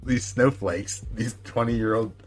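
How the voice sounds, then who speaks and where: A man's voice: medium pitch, slow. Chatty man rambling on a podcast. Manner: rambling, animated, heavy use of "like". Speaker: podcast co-host. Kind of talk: casual chat.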